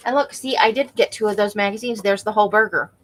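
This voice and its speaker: A woman's voice: medium pitch, fast, poor audio. Chatty woman crafting at home. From Nevada. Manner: chatty, laughs often, talks to viewers. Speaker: craft livestream host. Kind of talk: casual chat while crafting.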